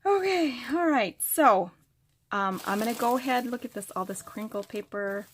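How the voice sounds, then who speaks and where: A woman's voice: a little high, expressive, normal speed, a little hiss or hum. Gushing, squealing woman unboxing mail. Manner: gushing, gasping and squealing with delight. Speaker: craft vlogger opening mail. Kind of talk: excited unboxing chat to camera.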